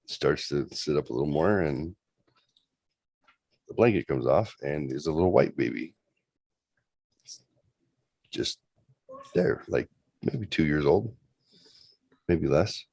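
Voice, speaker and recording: A man's voice: extremely low pitch, animated, slow pace, gravelly, long pauses, mellow, no echo. A man telling a rambling spooky story in a casual way, slipping into raised voices for the people in it. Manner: rambling, acts out voices in quotes. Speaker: host retelling a story.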